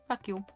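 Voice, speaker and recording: A British woman chatting casually on a stream, animated and quick to rant, swearing freely. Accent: British English. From United Kingdom. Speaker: VTuber streamer. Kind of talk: casual chat.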